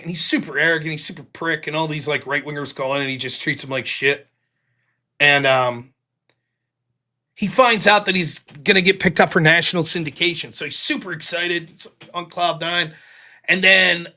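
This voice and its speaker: A man's voice: on the high side, sharp tone. A man hosting a late-night live stream, rambling casually with lots of fillers and swearing. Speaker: live-stream talk show host.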